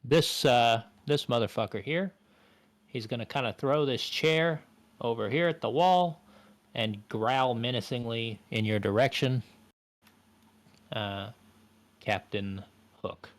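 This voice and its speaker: A man's voice: mid-range voice, takes it slowly, long pauses. A man narrating a tabletop game as game master, casual and profane.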